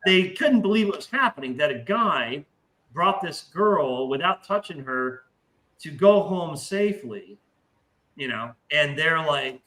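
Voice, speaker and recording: A man telling a long anecdote in casual podcast talk, profane and animated, acting out the voices in his story. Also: fairly high pitch, unhurried, poor audio.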